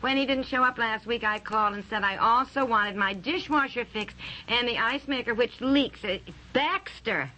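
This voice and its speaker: An actress playing a flustered, exasperated suburban housewife in a 1970s radio comedy. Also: female voice, on the high side, normal speed, pushed and bright, a little hiss or hum, low-quality recording. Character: frazzled suburban housewife at wit's end.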